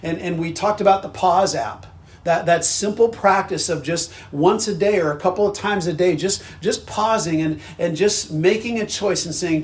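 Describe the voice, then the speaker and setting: Male pastor, high voice, earnest conversational sermon delivery. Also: moderate pace, darkish tone. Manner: conversational, earnest, with frequent restarts.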